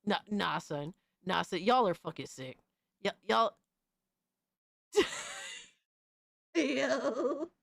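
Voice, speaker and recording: A young adult woman streamer doing profane, excitable reaction commentary, often shrieking in disbelief. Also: mid-range voice, very slow, creaky, long pauses, dry recording, clean studio sound.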